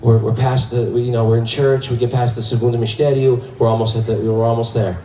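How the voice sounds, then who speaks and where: A man in his thirties performing a stand-up routine on a comedy club stage, telling stories in an animated way. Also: mid-range voice, quick pace, slight background noise. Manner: animated storytelling. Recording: echoey club from far off, faint crowd.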